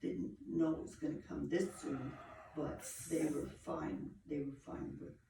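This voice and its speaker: A woman giving a medium reading, feeling her way through each phrase slowly and circling back to repeat herself. Her voice has a gravelly fry to it. She sounds distant from the mic in an echoey room with faint background noise. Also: sits low. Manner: halting, searching, repeats phrases. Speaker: psychic medium.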